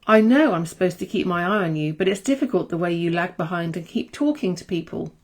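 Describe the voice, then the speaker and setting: Bear, a woman reading a devoted gentle storybook dog. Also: lowish voice, expressive, brisk. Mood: earnest.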